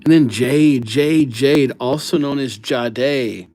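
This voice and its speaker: A man's voice: mid-range voice, takes it slowly, a little mellow. A man hosting a casual livestream, chatting loosely with viewers and riffing on their names with silly nicknames. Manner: laid-back, slangy banter with viewers.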